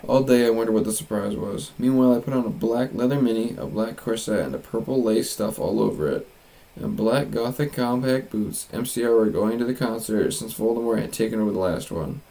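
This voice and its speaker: A man's voice: lowish voice, fairly quick, vocal fry, warm tone, low-quality recording. A man reading a fanfiction aloud for comedy, mocking it with exaggerated line readings and asides, his voice strained. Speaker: fanfiction reader.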